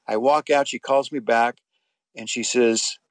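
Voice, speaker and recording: A middle-aged man, once a soap actor, speaks as an interview guest with a medium-pitched, steady voice at a slightly slow pace, recorded with no echo. He rambles through anecdotes about his acting years, full of fillers and restarts, in a casual storytelling way.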